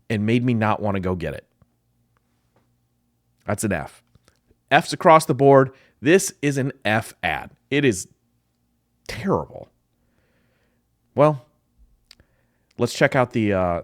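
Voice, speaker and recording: A man's voice: fairly low pitch, no room sound, studio quality. A man, a marketing professor, giving blunt and exasperated commentary as he reacts to and grades a commercial. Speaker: marketing professor reviewing ads.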